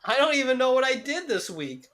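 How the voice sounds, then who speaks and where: A man's voice: extremely high pitch, sing-song, a little fast, bright, forceful tone. Cynical, foul-mouthed man rambling. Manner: cynical, heavily profane rambling. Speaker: podcast co-host. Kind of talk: casual chat.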